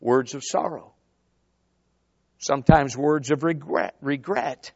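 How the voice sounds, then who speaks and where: A man's voice: medium pitch, takes it slowly, gravelly, husky, no echo. A man preaching a sermon to a congregation, telling a story and calling out to the crowd. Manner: animated storyteller, calls out to the congregation. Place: church before a congregation. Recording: dull, lo-fi sound.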